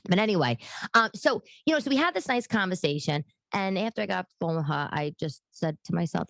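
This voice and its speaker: A woman, hosting a talk show in a rambling, animated monologue full of fillers and restarts. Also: fairly low pitch, quick pace, creaky, no echo. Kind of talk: casual monologue. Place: living room.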